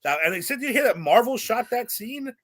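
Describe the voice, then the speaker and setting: A man co-hosting a podcast, chatting casually and excitedly retelling his reactions with lots of swearing. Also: extremely high pitch, fast talker. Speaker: podcast co-host. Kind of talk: casual chat.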